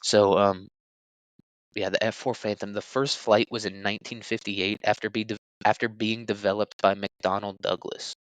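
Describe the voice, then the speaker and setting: A man's voice: fairly low pitch, little pitch movement, moderate pace, few pauses, fairly bright tone, no room sound, low-quality recording. A young man hosting a solo podcast, rambling crudely with jokes and lots of fillers. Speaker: podcast host. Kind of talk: casual solo podcast talk.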